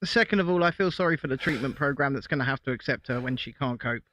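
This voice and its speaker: A man's voice: mid-range voice, quick pace, bright, forceful tone, no echo. A man co-hosting a casual commentary chat, with dry, sardonic remarks. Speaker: co-host.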